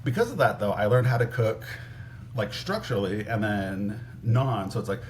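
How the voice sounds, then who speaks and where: Rambling man in his thirties, low-voiced. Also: fairly even intonation, moderate pace, a little hiss or hum. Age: 30s. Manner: rambling, heavy use of "like", frequent restarts. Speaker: podcast guest. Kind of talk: casual storytelling chat.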